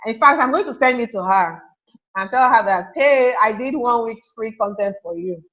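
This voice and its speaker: A chatty woman teaches a live webinar, her fairly high voice bouncing between points and viewers' comments. The sound is a little dull, like audio from an online call. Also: lively intonation, normal speed, fairly bright tone. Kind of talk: live online class talk.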